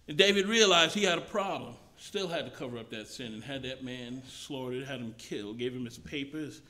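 A man's voice: medium pitch, brisk, hardly any pauses, pushed and bright. A man preaching a sermon at a mission service, conversational and often restarting phrases.

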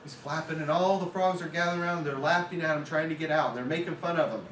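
A man guest-lectures a film school class, conversational and full of stories, captured by a distant mic in an echoey room. His voice is a little high, fast and a bit bright, with a little hiss or hum.

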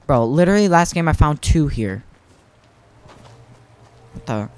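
A young man giving casual, excitable commentary on his own gameplay, self-mocking and prone to repeating himself. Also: fairly high pitch, measured pace, clean tone, no room sound. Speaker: gaming YouTuber.

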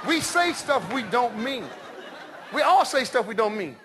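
A middle-aged man doing stand-up comedy on a large stage, loud and animated, shouting his punchlines. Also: very high voice, a little slow. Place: large comedy stage before a live audience. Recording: live show with crowd laughter and noise.

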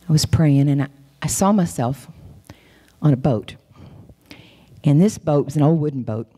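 A woman preaching a sermon in a church. She tells her story dramatically, dropping to whispers and jumping to high cries. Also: lively intonation, moderate pace, dark tone. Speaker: guest preacher.

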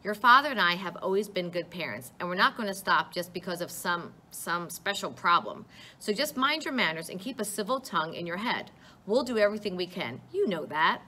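A woman's voice: lowish voice, very animated, a little fast, bright, forceful tone, heavily acted. A woman voicing a stern, anxious mother scolding her son. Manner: scolding, pleading. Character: worried middle-aged mother, stern then panicked.

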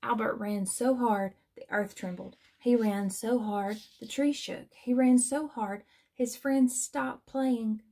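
A woman teacher reading a children's storybook aloud in a gentle, expressive manner. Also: on the high side, slow.

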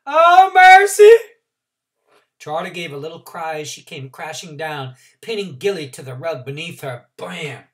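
A male teacher reading a novel aloud to his class in an expressive storytelling voice. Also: fairly high pitch, normal speed, hardly any pauses, far from the mic.

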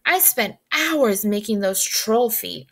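A blurting, eager young boy, pitched a touch high, as a woman reads him aloud. He tumbles into awkward questions with a slightly gravelly edge. He belongs to a read-aloud storybook. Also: expressive, slow, fairly bright tone, exaggerated voice.

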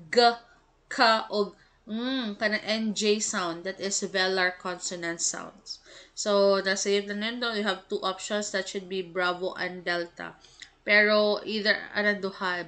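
A woman teacher, going through test answers slowly and explaining each one, mixing English with Cebuano. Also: medium pitch, pushed and bright.

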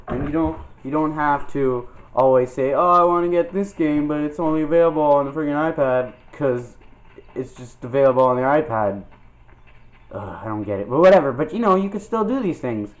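Excitable young man narrating gameplay. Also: fairly high pitch. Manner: excitable, jokey, yelps and silly voices. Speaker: gameplay commentator. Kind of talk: casual let's-play commentary. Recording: dull lo-fi mic with game music.

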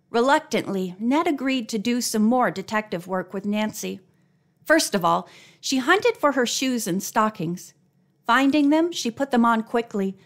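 Woman narrating a mystery audiobook. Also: unhurried. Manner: expressive, raises her pitch for dialogue. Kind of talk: scripted narration.

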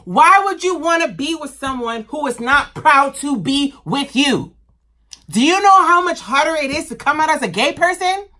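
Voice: high voice, lively intonation, normal speed, bright, forceful tone. Heated, profane vlogger ranting. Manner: slangy and blunt. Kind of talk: impassioned rant to camera.

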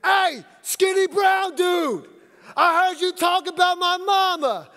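A man acting out an angry man who yells threats and taunts from across a basketball court. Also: very high voice, moderate pace, voice pushed up. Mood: yelling taunt. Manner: shouting, taunting. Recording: long church reverb.

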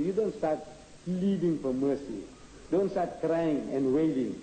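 A man's voice: a little high, moderate pace, dark tone. A man answering audience questions at a public lecture, emphatic and combative, firing off rhetorical questions. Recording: echoey hall with faint noise, archive tape.

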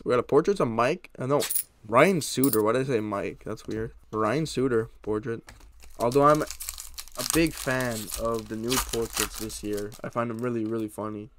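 A man's voice: mid-range voice, slight background noise. A young man chatting casually to his viewers while opening packs of trading cards. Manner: excited, chatty, talks to viewers. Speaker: card-opening YouTuber. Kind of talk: casual pack-opening commentary.

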